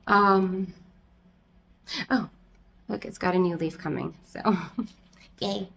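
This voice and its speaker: A young adult woman casually chatting through a tour of her houseplants at home, rambling and self-deprecating, talking loudly. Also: mid-range voice, fairly even intonation, slow pace, vocal fry, pauses often. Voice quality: loud, yelling from audio trouble. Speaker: plant collector vlogger. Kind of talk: casual plant tour chat.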